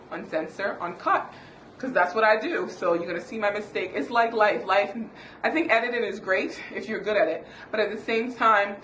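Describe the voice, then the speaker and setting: A playful Jamaican woman chatting as host in a casual style, laughing easily. Her voice rings in an echoey room with a faint hiss behind it. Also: medium pitch. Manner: lively, playful, laughs often. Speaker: YouTube host. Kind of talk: casual chat.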